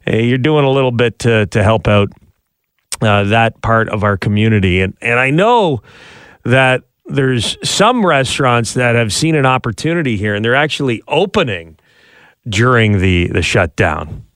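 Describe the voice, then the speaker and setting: A man's voice: mid-range voice, no room sound. A man co-hosting a morning radio show, chatty and jokey, laughing often, on a studio microphone. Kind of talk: casual morning radio banter.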